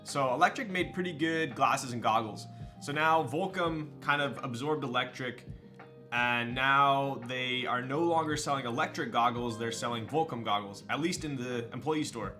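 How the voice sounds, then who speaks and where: A young man from Southern California chatting casually with viewers on a live stream, relaxed and slangy, full of fillers like "um" and "like", with light music playing behind him. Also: mid-range voice, normal speed. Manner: laid-back, slangy, with frequent fillers and laughs.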